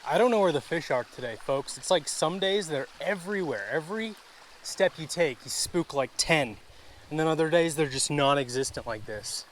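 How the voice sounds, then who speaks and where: High-voiced man vlogging at a creek. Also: expressive, moderate pace, a little hiss or hum. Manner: chatty, easily frustrated, talks to viewers as folks and guys. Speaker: fishing vlogger. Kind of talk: casual outdoor vlog narration. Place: outdoors at a wooded creek.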